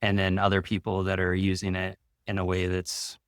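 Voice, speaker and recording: A man talking loosely with many fillers about spiritual insights, then guiding a slow, soft meditation with long pauses. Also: low-pitched, monotone, no room sound, studio quality. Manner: rambling, loose casual talk with many "like" fillers. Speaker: spiritual teacher leading a guided meditation. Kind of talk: channeled energy update and guided meditation.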